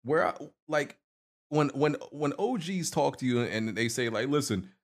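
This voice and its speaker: A man's voice: medium pitch, animated, a little slow. A man on a casual podcast, ranting in a heated, slangy way. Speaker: podcast co-host.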